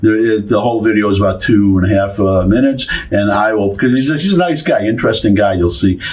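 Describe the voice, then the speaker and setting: A man casually explaining a word's pronunciation to his viewers, talking in a halting way with many restarts and fillers. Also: lowish voice, a little mellow. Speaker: YouTube commentator. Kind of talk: casual rambling explanation to camera.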